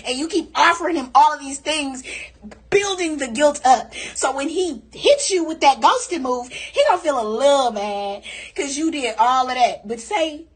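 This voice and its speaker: A woman with a high voice, talking with sass to the camera. She gives advice and mimics other people. The tone is casual and loose. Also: slightly rough. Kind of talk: casual vlog rant.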